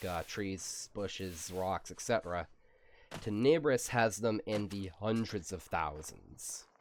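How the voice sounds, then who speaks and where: Male gaming host, stuffy nose, low voice, unhurried rambling commentary. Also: clean tone. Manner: rambling, relaxed, drawn-out. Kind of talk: casual gameplay commentary.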